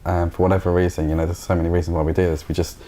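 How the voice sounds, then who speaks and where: A man's voice: low-pitched, level tone, rapid-fire, mellow. A man speaking as a guest in a casual spiritual conversation, reflective and thoughtful.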